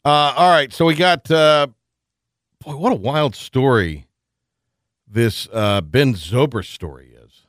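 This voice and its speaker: A man's voice: mid-range voice, no room sound, clean studio sound. A man hosting a sports talk radio show, chatting and joking casually with his co-host, often restarting his sentences. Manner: animated, quick to joke, restarts sentences.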